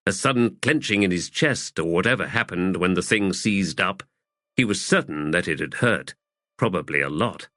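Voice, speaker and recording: With a lowish voice, a man narrates an audiobook from a script, measured and expressive like a storyteller. The sound is clean studio audio with no room sound.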